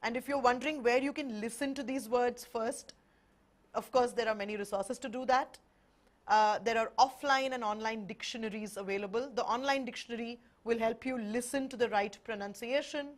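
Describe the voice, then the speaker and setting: A woman teaching spoken in a warm, encouraging way. She explains step by step with everyday examples and keeps checking that her listeners follow. Her voice sits a little high for a woman. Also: moderate pace. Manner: encouraging, explains with examples, asks "right?" often. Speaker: English-speaking trainer on an education webinar. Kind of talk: friendly instructional talk.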